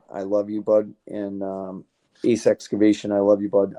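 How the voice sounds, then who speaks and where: A man talks as an interview guest, his voice very dark and mellow and sitting a little low. He rambles in a heartfelt way, swearing casually as he goes. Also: gravelly.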